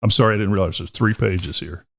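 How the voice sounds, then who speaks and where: A man's voice: on the low side, fast talker, vocal fry. A middle-aged man, a podcast host and former radio DJ, telling rambling, profane stories in casual chat.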